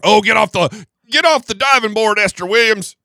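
A man putting on a mocking impression of an old male politician who apologizes in a high, loud, sing-song voice. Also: moderate pace, gravelly, dry recording, clean studio sound, exaggerated voice.

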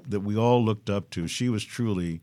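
An older man telling stories as a guest, measured and earnest. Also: lowish voice, dark tone, no echo. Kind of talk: reflective storytelling.

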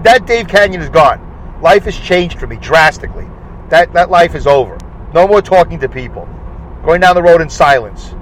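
A man's voice: on the high side, slight background noise, poor audio. A middle-aged man hosting a casual solo podcast, ranting and complaining irritably from his truck cab. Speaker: podcast host.

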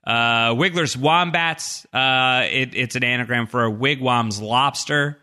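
A man's voice: mid-range voice, measured pace, sharp tone. A man co-hosting a podcast, reading listener mail aloud with jokey, self-deprecating asides. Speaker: podcast co-host.

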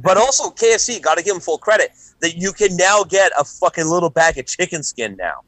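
A Canadian man co-hosting a podcast, telling animated stories in casual chat and swearing often. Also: high-pitched, a little fast, no room sound, rough recording. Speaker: podcast co-host.

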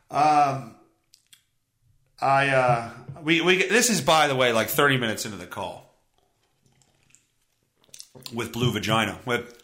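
Podcast guy ranting and cussing, lively bright voice, laughs a lot. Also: medium pitch, slow, pauses often. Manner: profane, exasperated, laughs often. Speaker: podcast host. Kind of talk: ranting comedic storytelling.

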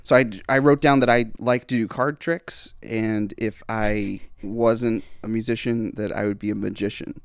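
A young man with a gravelly, creaky voice tells a story in a loose, rambling way, full of false starts. He is a guest on a casual chat show. The sound is close and dry. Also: lowish voice, fairly even intonation, normal speed, hardly any pauses, no room sound. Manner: rambling, full of restarts and laughs. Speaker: guest singer-songwriter.

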